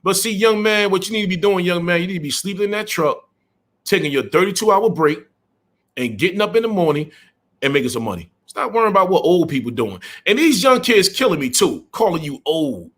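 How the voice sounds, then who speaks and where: A man's voice: sits high, big pitch swings, brisk, a bit bright. A middle-aged man hosting a live stream, a truck driver ranting bluntly, repeating himself and greeting viewers. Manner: blunt, repetitive, greets viewers mid-rant.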